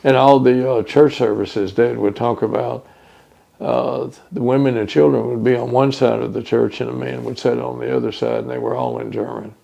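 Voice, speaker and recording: An older man from Texas, recalling his hometown in an oral history interview, unhurried and full of fillers. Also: mid-range voice, fairly even intonation, creaky, warm tone. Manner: reminiscing, unhurried with many fillers.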